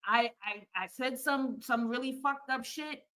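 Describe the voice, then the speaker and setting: A grown woman streaming live and telling a story about a falling-out with a friend, her voice bright and fairly high. She talks in a casual, animated way, swears freely and slips into the voices of the people she quotes. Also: a little slow. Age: adult. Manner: animated, profane, acts out quoted dialogue.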